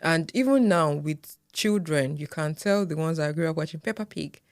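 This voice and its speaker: A young woman with a Nigerian accent co-hosts a podcast in a relaxed way, her voice low and recorded dry and close. She often murmurs agreement while the other speaker talks. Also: moderate pace, no echo. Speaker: podcast co-host. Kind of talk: casual chat.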